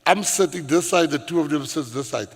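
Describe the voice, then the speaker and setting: A middle-aged South African man, a government minister, giving a public speech and telling stories in an animated way, laughing and shouting as he acts them out. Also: fairly high pitch, brisk, slightly rough. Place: large hall at a public event. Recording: reverberant hall.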